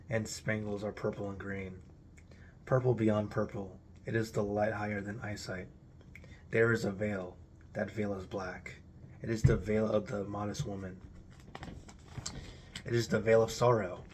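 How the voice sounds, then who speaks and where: Low-voiced man reciting solemnly. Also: a little hiss or hum. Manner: declamatory, intoned. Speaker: reader. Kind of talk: solemn recitation of an archaic religious text.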